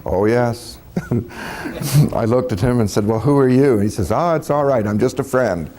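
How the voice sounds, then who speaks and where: A man's voice: mid-range voice, normal speed, mellow. A man telling a personal story in a folksy, casual way, chuckling and acting out the dialogue as he goes.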